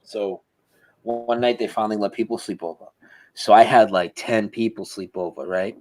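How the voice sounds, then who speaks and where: A man's voice: fairly low pitch, normal speed, rough recording. A man telling a story over a video call. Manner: animated, imitates sounds, swears freely. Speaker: interview guest. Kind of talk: casual storytelling.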